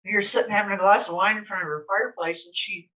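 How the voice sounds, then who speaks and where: A woman's voice: medium pitch, steady tone, quick pace, pushed and bright. An older woman telling stories in a chatty, rambling way, full of fillers, as a guest speaker. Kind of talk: casual storytelling. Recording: slightly distant, dull sound.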